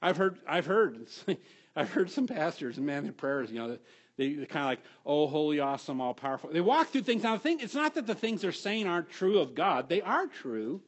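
A middle-aged male pastor preaching a sermon, telling stories with animated swings from hushed to loud. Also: sits high, normal speed, slightly rough.

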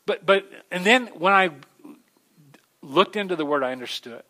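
A middle-aged man preaching a sermon, telling stories with an animated delivery that swings from loud to soft. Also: sits high, normal speed. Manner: animated storytelling, voices shifting loud and soft. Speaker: pastor.

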